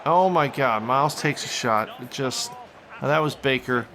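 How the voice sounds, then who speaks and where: A man hosting a gaming video, calling the on-screen action in an excitable mock sportscaster style with bursts of frustration. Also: mid-range voice, normal speed, over loud music. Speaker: gaming channel host. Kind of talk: play-by-play gameplay commentary.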